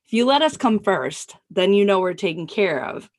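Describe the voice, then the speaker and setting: A woman's voice: medium pitch, big pitch swings, normal speed. A woman hosting a podcast, asking candid questions and teasing her guest with lots of laughter. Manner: teasing, giggly interviewer. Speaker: podcast host. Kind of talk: casual chat.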